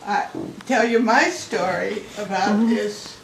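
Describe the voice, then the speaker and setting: Slow-talking woman telling a party story. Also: mid-range voice, vocal fry, distant mic. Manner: unhurried storyteller who trails off and restarts. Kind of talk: casual anecdote at a family party. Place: home birthday party, indoors. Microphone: camcorder across the room. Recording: noisy roomy home video from afar.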